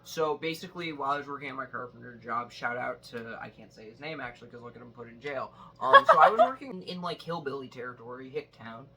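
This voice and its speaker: A man's voice: medium pitch, expressive, fast talker, creaky, few pauses, sharp tone. A young man telling a rambling story in casual chat at a sleepover, with lots of fillers and laughter. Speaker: guest telling stories. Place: indoors at a sleepover.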